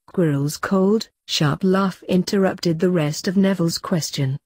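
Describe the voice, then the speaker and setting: A woman reads fanfiction aloud in a steady storytelling voice. Her tone is low and husky. The recording is dry and close. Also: moderate pace, few pauses, no echo. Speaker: fanfiction reader.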